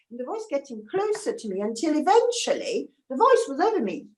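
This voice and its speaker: A woman's voice: high voice, wildly swooping pitch, normal speed, hardly any pauses, fairly bright tone, roomy sound. A woman storyteller telling a folktale in the first person, intimate and emotional, with asides to her listeners.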